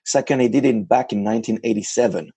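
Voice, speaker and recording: A man with a low, gravelly voice with some fry, answering interview questions in relaxed, casual talk. He speaks in an animated way, stumbling and restarting as he goes. The recording is close and dry, with little room sound. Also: fast, no echo. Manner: animated, self-correcting, frequent restarts. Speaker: ocean kayak adventurer, interview guest.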